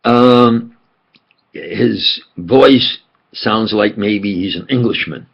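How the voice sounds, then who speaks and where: An older man with a New York accent, speaking in a slow, halting, rambling monologue full of fillers and restarts. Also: lowish voice, vocal fry, slightly rough, muffled recording. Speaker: channel host.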